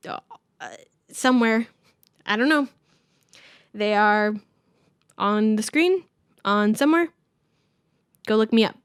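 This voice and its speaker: A young adult woman with a smooth, somewhat high voice hosts her own casual solo podcast, rambling, swearing freely, and poking fun at herself while sounding out of breath. The recording is dry and studio quality, captured on a camera mic.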